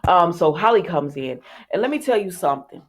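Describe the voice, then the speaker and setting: A woman hosting a soap opera recap in a chatty, casual way, retelling scenes with quick asides to her viewers. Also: lowish voice, big pitch swings.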